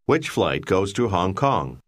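A man narrating a language course, explaining words and tones in clear, measured, scripted lines. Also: sits low, very animated.

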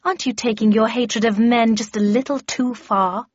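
A woman's voice: fairly high pitch, steady tone, normal speed, no echo, muffled recording, close to an everyday voice. A woman voicing a cold, commanding Red Queen. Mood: gloating. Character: imperious, furious older female Red Queen.

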